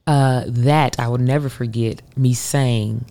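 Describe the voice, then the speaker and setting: A woman in her thirties from the United States, an Olympic hurdler telling a race story as an interview guest, acting out quotes with sudden leaps in pitch. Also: takes it slowly. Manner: animated, acts out her own voice and others in quotes. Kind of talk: emotional storytelling.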